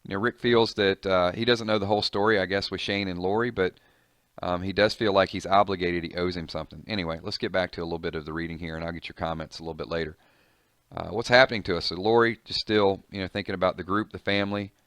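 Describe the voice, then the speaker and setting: A man's voice: low voice, steady tone, quick pace, fairly bright tone, no room sound, clean studio sound. A man casually reading and commenting on a comic, chatty and reactive, musing aloud.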